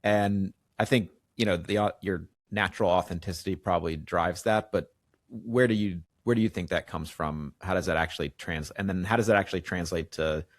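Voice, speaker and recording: A man with a very low voice hosts a podcast. He asks long, thoughtful questions in a measured way. The sound is dry and close-miked. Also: no echo. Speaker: podcast host. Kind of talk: interview questions.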